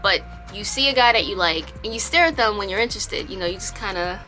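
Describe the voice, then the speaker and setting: A woman telling a storytime on her home vlog, chatty and animated. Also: mid-range voice, fast, loud music behind the voice. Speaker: vlogger.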